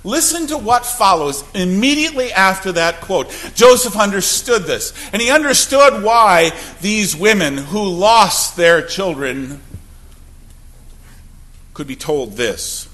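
A man preaching a sermon from the pulpit, swinging from loud declarations to hushed, low passages. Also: animated, takes it slowly. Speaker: pastor.

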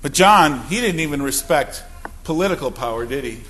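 A man's voice: fairly high pitch, animated, moderate pace, fairly bright tone. A man preaching a sermon as a pastor, emphatic and full of rhetorical questions.

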